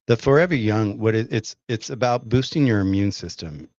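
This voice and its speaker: A man with a fairly low voice, hosting a casual live stream. He tells stories and answers viewer questions in a chatty way. The sound is dry and a little dull. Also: fairly quick, a little mellow, no echo. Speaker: host of a live stream selling pet herbal products.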